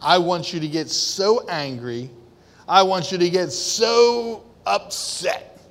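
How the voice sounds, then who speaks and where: A man preaching a sermon with great passion, swinging from hushed, deliberate lines to loud, emphatic ones. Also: high-pitched. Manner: impassioned, swinging from quiet to shouting. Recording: long reverb of a hall.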